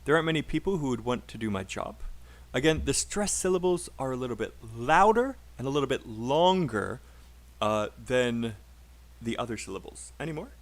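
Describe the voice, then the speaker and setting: In a live online lesson on English pronunciation, a British man encourages students and drills sentences slowly. His mid-range voice swings widely in pitch.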